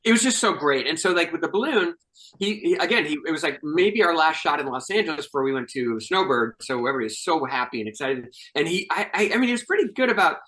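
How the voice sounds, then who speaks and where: An older man, a guest filmmaker, chatting casually and telling animated behind-the-scenes stories with restarts and laughs. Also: fairly high pitch, fast, rough recording. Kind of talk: casual chat.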